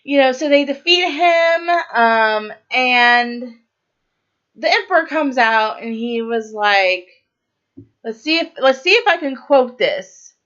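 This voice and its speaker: A woman's voice: sits high, lively intonation, takes it slowly, a bit bright, clean tone, highs cut off. A woman co-hosting a podcast, casually retelling a movie's plot with lots of fillers and quoted lines. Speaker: podcast co-host.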